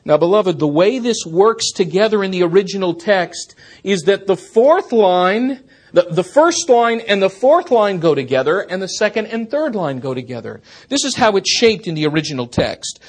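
Preacher guy, kinda husky voice pitched high, earnest, gets loud then goes quiet. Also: animated, normal speed. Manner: earnest, builds to emphatic peaks, then drops soft. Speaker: pastor. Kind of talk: expository sermon.

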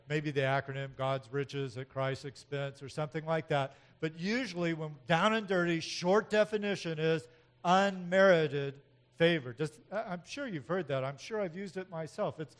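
A man preaching a sermon in an animated way, swinging from loud emphatic outbursts to quiet asides, with frequent chuckles. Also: a little high. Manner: chuckles often between points. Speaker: pastor.

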